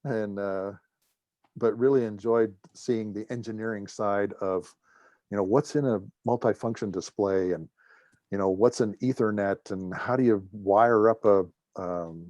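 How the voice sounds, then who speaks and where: Lower-voiced man telling war stories. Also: unhurried, no room sound. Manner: lively storyteller, acts out dialogue, jokes. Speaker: guest speaker, former air force officer. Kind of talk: anecdotal lecture talk.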